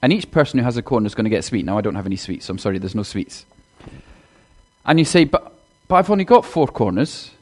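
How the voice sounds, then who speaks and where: A man's voice: on the low side, very animated, quick pace, slightly rough. A man giving a chatty sermon in a church, talking directly to the congregation and acting out a children's talk. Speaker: minister.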